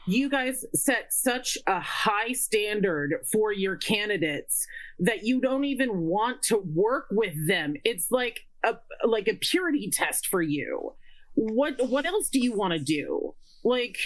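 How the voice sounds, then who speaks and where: A woman co-hosting a casual political chat show, pausing often on fillers and restarts and ranting in frustration. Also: on the high side, poor audio. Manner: halting, full of fillers and restarts; exasperated ranting.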